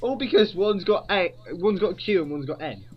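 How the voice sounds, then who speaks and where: A man's voice: high voice, expressive, moderate pace, slightly rough, muffled recording. A man co-hosting a podcast in casual comedy chat, rambling and swearing a lot. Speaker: podcast co-host.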